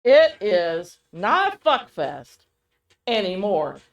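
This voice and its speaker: A woman co-hosting a casual podcast chat, rambling and animated, often laughing as she talks. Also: medium pitch, takes it slowly, lo-fi sound. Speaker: podcast co-host.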